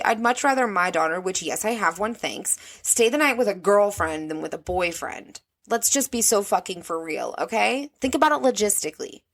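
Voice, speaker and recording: A woman's voice: medium pitch, fairly bright tone. A woman from the American Midwest hosting a podcast, telling a personal story in a candid, casual way, swearing freely with wry asides. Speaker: podcast host.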